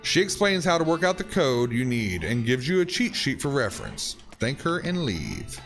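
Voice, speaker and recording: A male streamer reading game text aloud, with a very lively, swooping pitch and wry comments in between. Soft game music plays underneath. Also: moderate pace.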